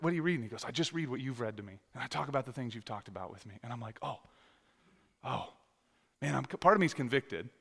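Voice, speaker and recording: A man's voice: on the high side, pushed and bright. A male pastor preaching a sermon, telling stories with lots of quoted dialogue and restarts. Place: church sanctuary. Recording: long church hall reverb.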